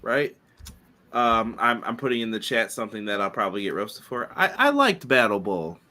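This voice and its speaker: A man hosting a podcast in casual chat, upbeat and quick to laugh. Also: lowish voice, big pitch swings, sharp tone. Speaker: podcast host.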